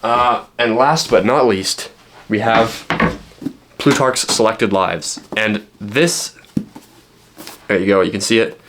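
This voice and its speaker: A man's voice: on the low side, fairly bright tone, a little hiss or hum. Rambling man chatting about his books. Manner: rambling, filler-heavy, joking asides. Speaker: book vlogger. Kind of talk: casual book haul chat.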